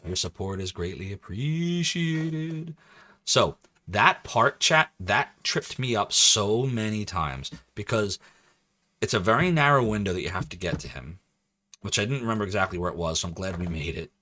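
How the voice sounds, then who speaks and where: A man's voice: fairly low pitch, lively intonation, normal speed, sharp tone. A male game streamer chatting casually with his viewers as he plays, rambling and laughing often. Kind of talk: casual live-stream commentary.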